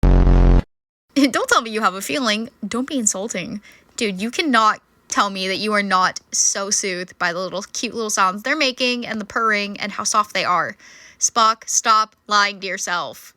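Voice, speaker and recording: Animated, sarcastic woman reacting on camera. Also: medium pitch, unhurried, dry recording. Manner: chatty, sarcastic, swears and laughs often. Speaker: reaction video creator. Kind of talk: casual reaction commentary. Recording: noticeable background noise.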